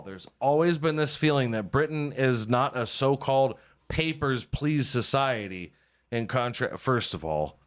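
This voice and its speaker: A man's voice: mid-range voice, sing-song, unhurried, fairly bright tone. A man hosting a comedy podcast in casual chat, rambling and swearing freely and mocking himself. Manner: rambling, profane, self-mocking. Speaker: podcast host.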